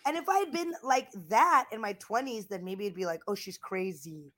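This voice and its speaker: Speaking a little fast in a voice on the high side, this woman in her thirties is a comedian guest on a podcast. She chats casually and mimics the voices of people she quotes in her lively anecdotes.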